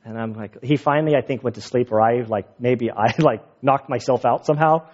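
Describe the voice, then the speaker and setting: A man's voice: medium pitch, brisk, darkish tone. A man in his thirties, a pastor preaching a sermon as a casual personal story, full of fillers like "like" and "I mean". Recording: dull lo-fi sound.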